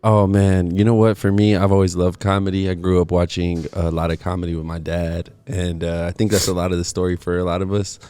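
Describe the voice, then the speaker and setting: Deep-voiced El comic. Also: male voice, little pitch movement, brisk, few pauses, mellow, smooth. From El Paso, Texas. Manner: laid-back, slangy storytelling. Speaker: stand-up comedian guest. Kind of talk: casual chat.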